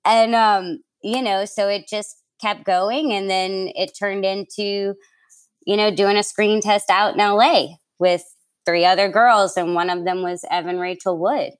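Speaking in a steady mid-range voice at a measured pace, a young woman from New York City guests on a casual interview. Her storytelling is chatty and full of laughter, fillers, and quoted lines she acts out.

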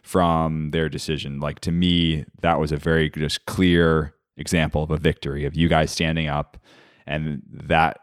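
A man hosting an interview, talking in a warm, reassuring and enthusiastic way. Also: a bass voice, level tone, normal speed, clean tone, dry recording, clean studio sound. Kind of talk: conversational interview.

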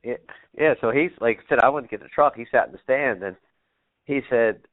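A man's voice: mid-range voice, a little fast, no echo. Rambling man on a tinny line. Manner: rambling, many fillers, swears freely. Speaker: podcast guest, bow hunter. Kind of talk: casual storytelling. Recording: tinny phone-like remote line.

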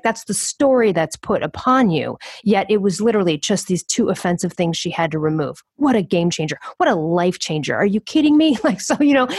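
A woman talking as an interview guest, emphatic and animated, acting out other people's lines as she goes. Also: mid-range voice, breathy edge, no room sound, studio quality. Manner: emphatic, acts out quoted voices.

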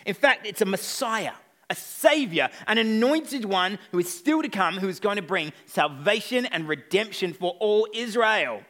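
Man, pastor, playful sermon, bright forceful voice, a bit high. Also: expressive, normal speed. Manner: playful storytelling with asides to the congregation.

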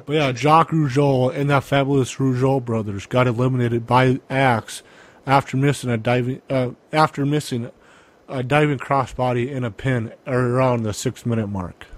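A man's voice: mid-range voice, steady tone, moderate pace. A man co-hosting a casual podcast, recapping from notes with hesitant restarts. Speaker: podcast co-host. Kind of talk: casual chat reviewing a wrestling event.

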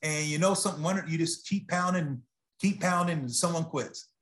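A man, a former football player, chatting as a podcast guest in a lively, exclaiming way. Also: a little high. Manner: lively, animated storyteller, quick to exclaim. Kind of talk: casual interview chat.

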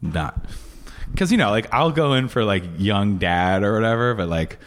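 A man's voice: lowish voice, lively intonation, moderate pace. A man co-hosting a casual podcast, joking and slipping into goofy put-on voices. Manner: joking, drops into goofy impressions. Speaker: podcast co-host. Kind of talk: casual banter. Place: Los Angeles.

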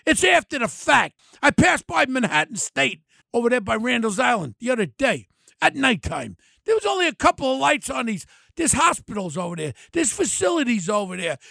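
Gravelly older New man ranting. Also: very high voice, no room sound, clean studio sound. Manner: ranting, mocking, shouting in bursts. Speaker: podcast host. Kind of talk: angry political rant.

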